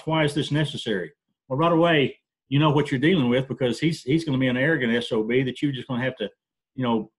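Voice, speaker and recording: A man working as a jury consultant tells folksy war stories on a webinar panel, often repeating words as he gathers his thoughts, over a video call. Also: medium pitch.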